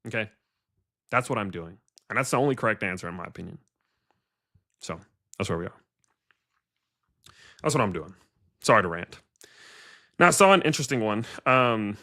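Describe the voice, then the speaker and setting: A man's voice: lowish voice, very animated, moderate pace, long pauses, pushed and bright. A man hosting a casual livestream about crypto investing, ranting bluntly and swearing, with rhetorical questions to his viewers.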